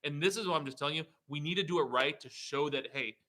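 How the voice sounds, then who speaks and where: As a guest in a political interview, a male state representative speaks heatedly and emphatically, rising to indignation. His voice is a little high, bright, and forceful, he talks fast, and the recording quality is low.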